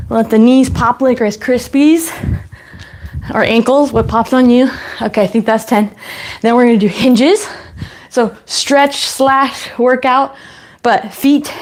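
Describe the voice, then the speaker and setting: A woman's voice: high-pitched, darkish tone. A woman fitness instructor leading a home workout, chatty as she cues each move and counts reps.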